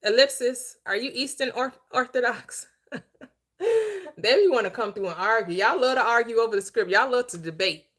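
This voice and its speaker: A woman hosting a livestreamed Bible teaching, preaching in an emphatic, conversational way, slowing down to stress key phrases and chatting with viewers in between. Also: on the high side, a bit bright. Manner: chatty asides to viewers, quick laughs.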